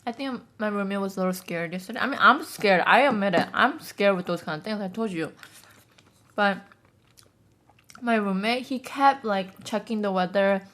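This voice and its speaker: Woman vlogger, casual eating chat, chatty storyteller with lots of fillers, medium pitch. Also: normal speed, a bit bright. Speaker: mukbang vlogger.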